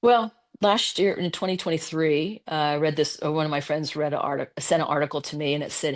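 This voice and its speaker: A woman's voice: deep voice, a little fast, few pauses. A woman, a business executive as interview guest, telling a story casually and acting out the conversations she quotes. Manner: animated, retells conversations in quoted voices.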